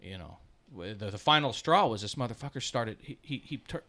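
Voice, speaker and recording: A man, telling rambling, profane stories on a podcast, loud when he laughs and hushed when he turns reflective. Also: medium pitch, expressive, brisk. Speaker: podcast co-host. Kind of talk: casual storytelling chat.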